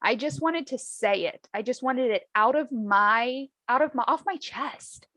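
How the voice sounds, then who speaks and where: A woman chatting casually about her own life, acting out the people in her stories with lively voices. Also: on the high side, unhurried, no echo. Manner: animated, acts out dialogue in lively voices. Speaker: podcast host, guest. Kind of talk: casual storytelling chat.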